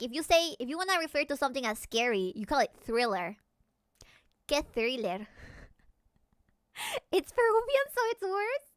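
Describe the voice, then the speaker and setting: A woman from Peru streaming a casual reaction chat, animated and giggly as she translates and explains. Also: sits high, clean tone, dry recording, clean studio sound.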